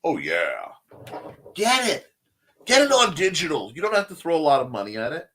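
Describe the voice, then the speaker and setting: A man's voice: a little high, huge pitch swings, normal speed, fairly bright tone, breathy edge. A man hosting a casual livestream talk show, chatting in a rambling, enthusiastic way as he answers viewer comments. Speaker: host of a creative talk show.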